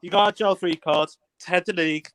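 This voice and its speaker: A man's voice: high-pitched, steady tone, a little fast, fairly bright tone, dry recording. A man with a London accent, born in Somalia, chatting casually and laughing on a football stream call. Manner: laid-back, laughing, slangy. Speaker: stream guest. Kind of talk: casual chat.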